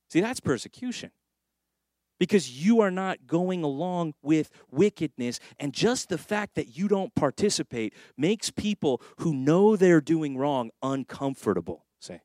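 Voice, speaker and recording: A middle-aged man preaches as a pastor in a loose, conversational way, acting out little scenes as he goes. His voice sits a bit high for a man. The sound is close and dry, with no room around it. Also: normal speed, no echo. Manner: conversational preaching with lively acted asides. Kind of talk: sermon.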